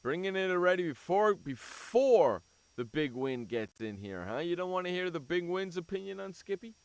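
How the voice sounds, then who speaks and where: A man's voice: high-pitched, sing-song, moderate pace, smooth, no echo. A man hosting a sports talk radio show, ranting bluntly and cursing freely as he argues about teams and coaches.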